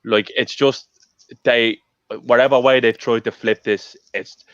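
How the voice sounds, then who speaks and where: A man's voice: medium pitch, fairly even intonation, a little slow, a bit bright, dry recording. Man, podcast co-host, heated and emphatic, swears a lot, dull lo-fi mic. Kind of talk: casual podcast chat.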